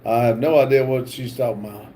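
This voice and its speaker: A man hosting a livestream, reading viewer comments aloud with halting pauses and fillers. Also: mid-range voice, fairly even intonation, mellow, a little hiss or hum. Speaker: livestream host.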